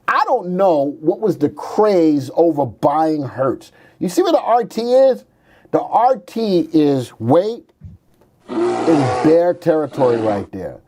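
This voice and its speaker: On a stock market program, a male host with a slightly high, warm voice talks slowly but animatedly about the charts. Joking with his co-host, he throws in wisecracks and goofy voices.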